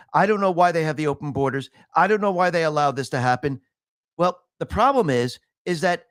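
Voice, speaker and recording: A man's voice: a little high, no echo. A man giving a solo livestream monologue, speaking emphatically and building to heated rhetorical questions. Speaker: political commentary streamer.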